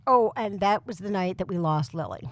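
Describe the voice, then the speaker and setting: A woman in her thirties or forties, co-hosting a podcast, tells a comic story in a casual chat, her very loud voice full of laughter and exasperation. Her pitch is medium, her pace normal, and the recording has no room sound.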